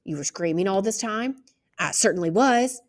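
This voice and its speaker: A woman reading aloud, voicing a calm older male lawyer who asks measured, probing questions. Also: medium pitch, natural voice.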